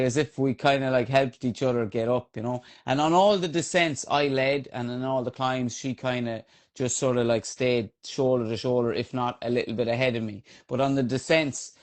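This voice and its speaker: Man, Irish accent, trail runner, casual podcast storytelling, animated, swearing, fillers. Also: mid-range voice, moderate pace, few pauses.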